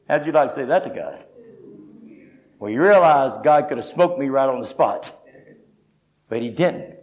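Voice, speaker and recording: Older guy preaching, pretty high voice, folksy and joking as he tells his story. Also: lively intonation, moderate pace, pauses often, rough recording. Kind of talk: sermon teaching with personal testimony.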